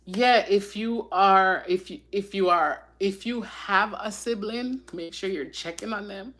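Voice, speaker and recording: A woman with a medium-pitched, fairly bright voice hosts a casual live stream. She speaks in a heartfelt, emotional and reflective way, often pausing with sighs and filler words.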